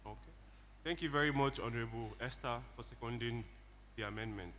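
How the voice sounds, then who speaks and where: A man chairing a model legislative session, briskly calling clauses and teasing colleagues lightly. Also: mid-range voice, fairly bright tone. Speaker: presiding chairman of a model assembly. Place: large assembly chamber. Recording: reverberant hall, faint background hum.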